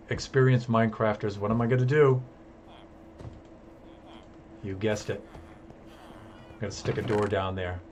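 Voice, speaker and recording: A man talks through a live game stream in a relaxed, self-amused way, tossing out jokey tips. His voice sits on the low side. The recording carries a clear hiss of background noise. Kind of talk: live gameplay commentary.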